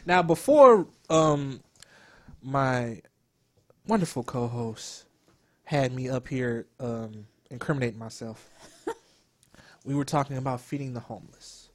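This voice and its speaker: A man's voice: mid-range voice, measured pace, long pauses. A man hosting a radio show, talking in loose, joking slang with callers and his co-host. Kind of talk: casual radio banter.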